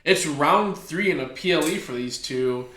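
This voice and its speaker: A man co-hosting a podcast, chatting about wrestling as an eager fan, halting with many fillers. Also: a little high, animated, bright, forceful tone, echoey room. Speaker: podcast co-host. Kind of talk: casual wrestling chat.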